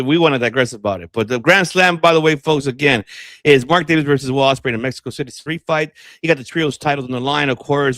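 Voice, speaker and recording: A man's voice: medium pitch, a bit bright, dry recording. A man co-hosting a wrestling podcast, talking bluntly and casually, swearing freely as he reels off a match lineup. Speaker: podcast co-host. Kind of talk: casual wrestling debate chat.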